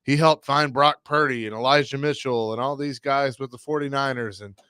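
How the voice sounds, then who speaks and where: Opinionated sports radio host, dry mic. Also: male voice, medium pitch, fairly even intonation, normal speed, sharp tone, clean tone, no echo. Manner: opinionated, rambling with restarts. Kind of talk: casual sports talk.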